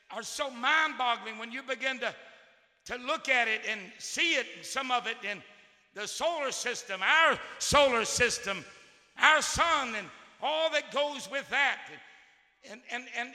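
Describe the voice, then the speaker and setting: A man preaches in a very high, piercing, sharp voice. Long reverb trails off each phrase in a big hall. He drops to near-murmurs, then bursts into shouts, and he repeats words as he goes. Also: measured pace. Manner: swings from quiet musing to shouted outbursts. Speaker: pastor. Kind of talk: sermon.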